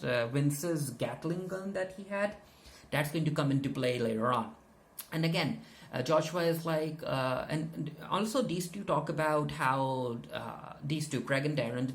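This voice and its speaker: A man recapping and reviewing a TV episode in a casual, unscripted way, loosely paraphrasing what characters say and often pausing to restart his sentences. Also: on the high side. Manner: hesitant, frequent fillers and restarts. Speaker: TV show reviewer.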